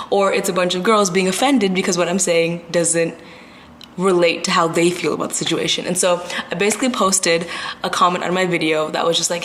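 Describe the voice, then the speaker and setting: A woman's voice: lowish voice, steady tone, a little fast, fairly bright tone, a little hiss or hum. Outspoken woman in her twenties ranting. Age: 20s. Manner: outspoken, slangy, emphatic. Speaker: vlogger. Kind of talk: casual vlog rant to camera.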